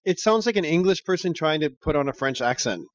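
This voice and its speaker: A man's voice: fairly high pitch, lively intonation, fast talker, no room sound. A man co-hosting a podcast casually, tossing in short jokes and quips. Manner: short quips and joking interjections. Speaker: podcast co-host. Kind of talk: casual chat. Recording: dull, lo-fi mic.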